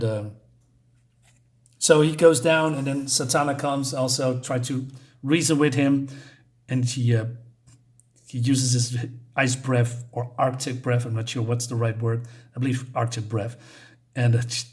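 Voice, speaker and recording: Rambling man with a voice. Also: mid-range voice. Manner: rambling, many fillers, chuckles while summarizing. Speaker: comic book reviewer. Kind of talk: casual comic review vlog.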